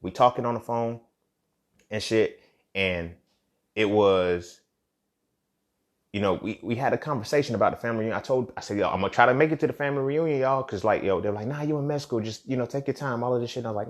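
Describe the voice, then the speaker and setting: A young man, host of his own show, telling a painful personal story in casual, profane speech that swings from loud to hushed. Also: medium pitch. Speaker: podcast host.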